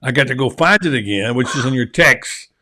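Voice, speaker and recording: A man hosts a sports talk show at an even middle pitch. He rambles in a folksy, self-deprecating way and then circles back to his point. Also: brisk. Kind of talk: casual radio sports talk.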